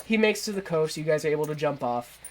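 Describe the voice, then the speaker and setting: A man's voice: a little high, animated, fast, a little hiss or hum. A man running a tabletop game as game master, narrating with frequent laughs and hesitant fillers.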